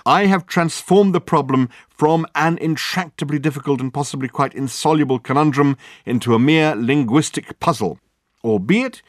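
A man reading aloud and voicing a theatrical, excitable eccentric male detective who speaks in grand, exclamatory phrases. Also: fairly high pitch, slow, hardly any pauses, dry recording, clean studio sound, pitched above the performer's own voice.

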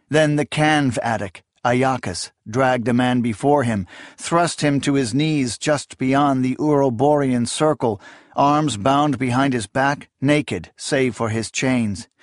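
A man narrating a dark fantasy audiobook with steady, dramatic pacing at a middling pitch. The recording is dry and close, with no room sound. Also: a little slow, no room sound. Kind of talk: scripted narration.

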